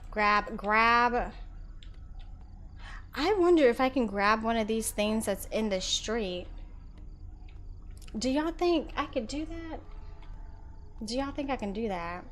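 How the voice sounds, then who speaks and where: A young woman streaming a horror game, chatting with her viewers and reacting loudly. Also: a little high, expressive, slow, long pauses. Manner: chatty, loud reactions, talks to chat. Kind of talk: live horror game commentary.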